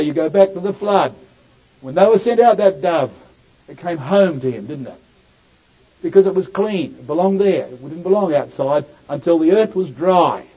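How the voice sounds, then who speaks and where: High-voiced man preaching a sermon, lo-fi. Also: dark tone. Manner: earnest, rising to emphatic peaks on scripture; addresses listeners as brothers and sisters. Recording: dull lo-fi recording.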